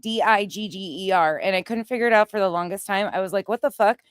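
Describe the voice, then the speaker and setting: A woman's voice: mid-range voice, fast, clean tone, no room sound, clean studio sound. A woman hosting a livestream, chatting casually and thanking viewers by name. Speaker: channel host.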